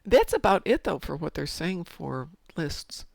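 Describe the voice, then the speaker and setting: Middle-aged woman rambling while she games, gravelly voice, bouncy up and down pitch, dry close sound. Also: very animated, unhurried, a little mellow, no echo. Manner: chatty, rambling, self-talk while playing. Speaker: game streamer. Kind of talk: casual chat while gaming.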